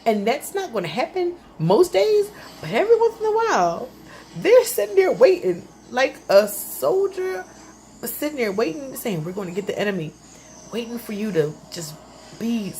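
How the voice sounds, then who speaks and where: A young adult woman, a mother, ranting casually to camera about parenting, animated and exasperated. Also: moderate pace, a little hiss or hum. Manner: animated, exasperated, pitch jumps up for emphasis.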